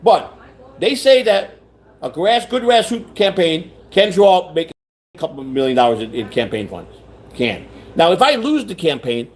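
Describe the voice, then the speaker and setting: A man's voice: on the high side, big pitch swings, normal speed. A man hosting a rambling livestream chat, repeating himself, restarting sentences and reading viewer comments aloud. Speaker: livestream host.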